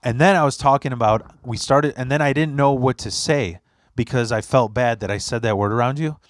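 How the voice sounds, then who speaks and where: A young man hosting a podcast talks a little fast in a mid-range voice, recorded cleanly in a studio with no room sound. In casual chat he tells stories with flair, performing quotes and cursing freely.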